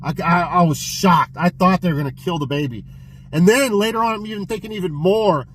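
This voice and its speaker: A man casually reviewing a film he watched, retelling the plot in an excitable, profane way with many restarts. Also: high-pitched, fairly quick, slight background noise, low-quality recording. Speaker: physical media collector reviewing films.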